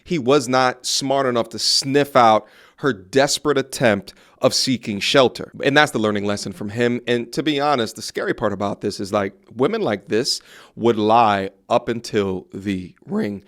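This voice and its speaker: A man's voice: mid-range voice, moderate pace, a bit bright. A man hosting commentary, speaking bluntly in a preachy, slangy way. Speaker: host.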